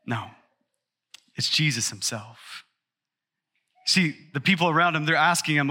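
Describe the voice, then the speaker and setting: A man, a pastor, preaching a sermon with emphatic rises to loud peaks. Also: on the high side, expressive, unhurried, long pauses.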